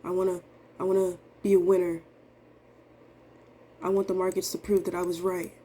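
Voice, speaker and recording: A young woman venting in a low, confessional way, rambling and dejected with casual slang. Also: level tone, normal speed, mellow. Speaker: vlogger day trader. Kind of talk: emotional live trading vlog.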